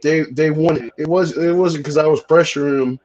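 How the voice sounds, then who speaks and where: Slightly high and fairly even in intonation, his voice comes a little fast with a darkish tone over dull audio. As host of a casual chat, he curses frequently and trips through repeated words.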